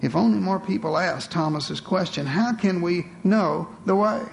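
Guy preaching in church, pretty high voice, lots of big rhetorical questions, bit of faint hiss behind. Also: moderate pace, vocal fry. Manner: addresses the congregation as beloved. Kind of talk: sermon.

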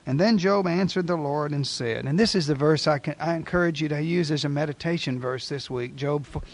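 A man's voice: a little high, fairly quick. A man preaching a sermon, speaking emphatically and putting repeated rhetorical questions to his congregation.

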